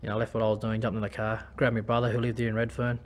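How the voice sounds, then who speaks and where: Halting Australian man, flat voice. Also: lowish voice, slight background noise. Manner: halting, many restarts and fillers. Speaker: former rugby league player. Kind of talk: personal testimony.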